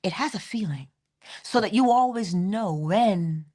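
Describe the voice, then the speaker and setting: Animated woman giving a spiritual talk. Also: a little slow. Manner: animated, swoops high in pitch, laughs often; repeats phrases rhythmically. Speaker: inspirational speaker.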